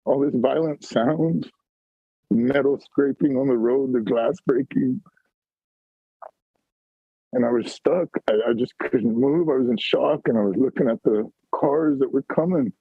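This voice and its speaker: A man on a call-in panel telling a personal story in a raw, halting way, swearing heavily, heard over a video call. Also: mid-range voice, creaky, slightly rough, no room sound. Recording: tinny phone-like call audio.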